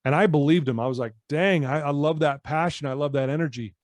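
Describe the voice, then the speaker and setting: A man's voice: on the high side, fast talker, dry recording. A man coaching in personal development, telling a story as a podcast guest and acting out the dialogue with energy. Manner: animated storyteller who acts out quoted dialogue. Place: his office at home.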